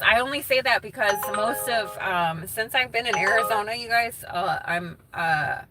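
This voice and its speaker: A woman chatting casually with viewers on a live stream, reading their comments aloud and laughing often. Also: mid-range voice.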